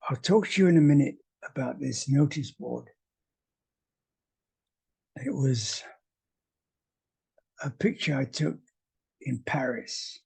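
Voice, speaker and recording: A man teaching English to French speakers in a video lesson, speaking in a wry, deliberate way. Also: medium pitch, lively intonation, gravelly, dark tone, husky.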